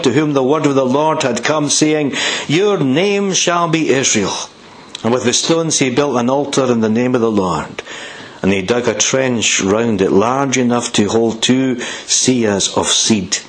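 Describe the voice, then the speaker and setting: An older man with a Scottish accent, preaching in church, reading scripture aloud and then praying. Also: low-quality recording. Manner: reads scripture with lively rises in pitch on quoted speech. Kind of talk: sermon scripture reading and prayer.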